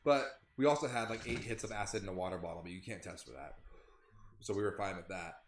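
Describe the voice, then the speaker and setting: Young man, band member, casual podcast storytelling, animated, profane, fast-talking, roomy echo. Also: deep voice.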